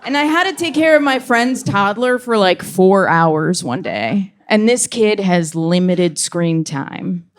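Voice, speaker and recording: A young woman performing a stand-up comedy set on a club stage, delivering deadpan punchlines and slipping into quick voices for the characters in her stories. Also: medium pitch. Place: comedy club stage before a live audience.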